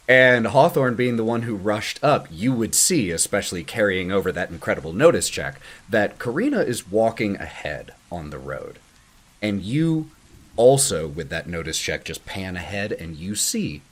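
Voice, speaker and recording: A man running a tabletop horror game as game master, giving measured, descriptive narration with casual asides. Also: lowish voice, big pitch swings.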